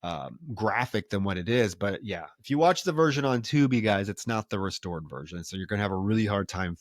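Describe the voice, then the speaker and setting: A man's voice: fairly low pitch, lively intonation, brisk, no room sound, studio quality. A man co-hosting a film podcast, retelling plot scenes in casual chat. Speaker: podcast co-host.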